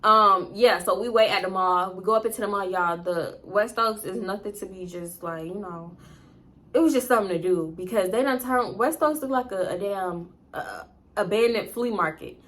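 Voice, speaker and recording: A young woman telling a story casually, animated, profane and laughing between asides. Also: mid-range voice, normal speed. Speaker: storytime vlogger.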